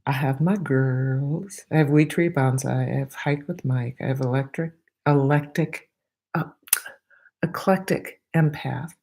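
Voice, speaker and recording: A woman's voice: rumbling low, measured pace, dark tone. A middle-aged woman hosting a casual livestream, rambling nervously and goofily while fighting allergies. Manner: chatty, goofy, nervous rambling. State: allergies, sniffly. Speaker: YouTube livestream host. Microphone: laptop microphone.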